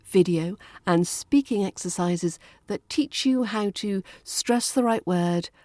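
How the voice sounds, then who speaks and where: A woman with a British RP accent hosting an accent-training podcast, calmly narrating a scripted lesson and voicing example phrases with clear intonation. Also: medium pitch, no room sound, clean studio sound.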